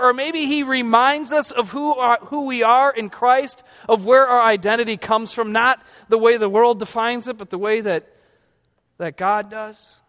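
A man with a strikingly high speaking voice preaches a sermon in a church sanctuary, and his words trail off into a long reverb. He talks conversationally, quizzes the congregation and drops in light humorous asides. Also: fairly bright tone. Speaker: pastor.

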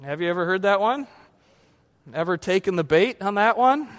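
A man with a strikingly high speaking voice preaches a sermon in a church sanctuary, and his words trail off into a long reverb. He talks conversationally, quizzes the congregation and drops in light humorous asides. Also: animated, moderate pace, fairly bright tone. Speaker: pastor.

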